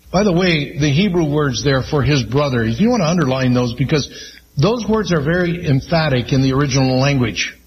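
Man preaching a slow, emphatic sermon. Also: mid-range voice, highs cut off, slight background noise. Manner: slow, emphatic preaching with Scripture read aloud. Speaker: pastor.

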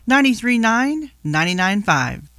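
A radio co-host who echoes the host with quick, agreeable quips. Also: mid-range voice, big pitch swings, pushed and bright, clean studio sound. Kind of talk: casual radio banter.

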